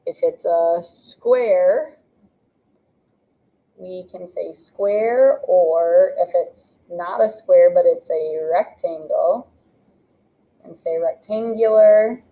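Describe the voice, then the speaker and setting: A woman's voice: fairly low pitch, very slow, mellow, poor audio. A young adult woman teaching a math lesson, explaining step by step as she draws. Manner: patient, explains step by step while drawing. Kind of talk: classroom lesson narration.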